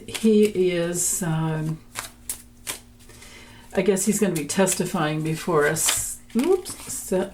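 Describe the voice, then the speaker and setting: Woman doing a tarot reading vlog, slow and chatty, keeps cracking up, a little background hiss. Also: on the low side, darkish tone. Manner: chatty, laughs often, rambling restarts. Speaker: tarot reader.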